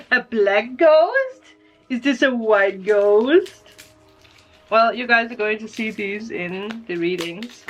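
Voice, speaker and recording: A woman's voice: on the high side, fairly bright tone, dull audio. A woman vlogger unboxing gifts, giggly and tearful, gushing with happy emotion. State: crying happily. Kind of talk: emotional gift unboxing vlog.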